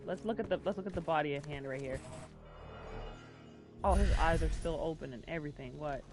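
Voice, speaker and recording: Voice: mid-range voice, fairly quick. Joking streamer, chatty let's play commentary, faint music underneath. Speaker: game streamer.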